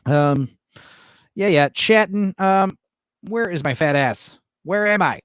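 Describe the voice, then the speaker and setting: A man's voice: high-pitched, expressive, takes it slowly, a bit bright, clean tone, dry recording, clean studio sound. A man in his late thirties from Texas, chatting loosely on his own stream with swearing, chuckles and frequent restarts. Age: late 30s. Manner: loose, profane, chuckling, lots of fillers and restarts. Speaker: streamer host. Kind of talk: casual rambling stream chat.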